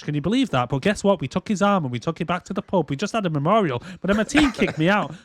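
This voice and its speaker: A man's voice: on the high side, a bit bright, no echo, studio quality, pitched above the performer's own voice. A man doing a mocking impression of a boastful male action-movie mercenary who overexplains everything. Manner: overexplaining, rambling mockery. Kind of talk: mocking impression in podcast chat.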